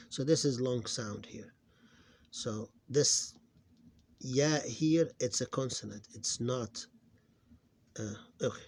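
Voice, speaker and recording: A man teaching a phonics lesson, explaining in halting English with restarts and sounding out syllables loudly and slowly. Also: mid-range voice, husky. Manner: halting, with many restarts and self-corrections. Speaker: Arabic reading teacher.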